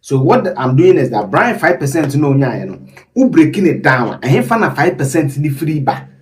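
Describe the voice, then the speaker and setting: A man commenting on poll data in a rambling, animated way, with asides. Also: fairly high pitch, normal speed, far from the mic.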